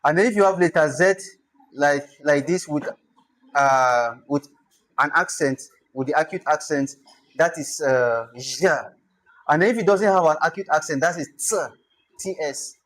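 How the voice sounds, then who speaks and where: Male instructor, slightly high voice, sounds out words and thinks aloud while teaching. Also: normal speed, fairly bright tone, poor audio. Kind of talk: online lesson on spelling.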